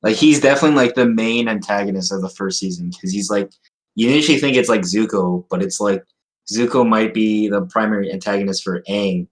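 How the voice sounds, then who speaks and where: A man's voice: lowish voice, a little fast. A young man co-hosting a podcast, chatting casually and hesitantly, with many fillers. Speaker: podcast co-host. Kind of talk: casual chat.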